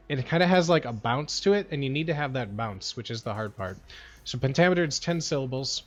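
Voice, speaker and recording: A man chatting casually on a livestream, rambling and slangy and full of "like" and "bro.". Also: medium pitch. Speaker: livestream streamer. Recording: dull lo-fi sound with faint music.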